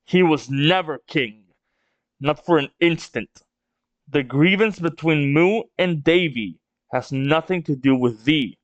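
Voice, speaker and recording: A man's voice: fairly high pitch, takes it slowly, dry recording. A man reading the lines of a cold, imperious ancient ruler who speaks in archaic, haughty language, in a dull lo-fi recording. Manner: haughty, archaic formal speech.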